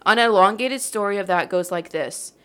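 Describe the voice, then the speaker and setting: A woman's voice: mid-range voice, moderate pace, fairly bright tone, clear, resonant tone. A woman hosting a podcast, reading a legend aloud in a casual, joking way, swearing and laughing as she goes. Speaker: podcast host. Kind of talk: casual storytelling chat.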